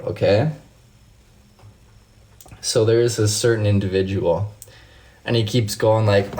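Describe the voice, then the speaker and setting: A man's voice: on the low side, darkish tone. A man hosting a casual livestream, answering viewers' comments by name and launching into heated, profane rants. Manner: talks straight to viewers by name. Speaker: livestream host.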